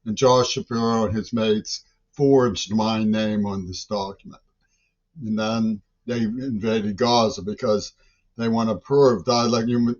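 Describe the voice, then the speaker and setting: Older man, agitated rambling rant, frequent restarts, mid-pitched voice, dull lo-fi recording. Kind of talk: rambling monologue.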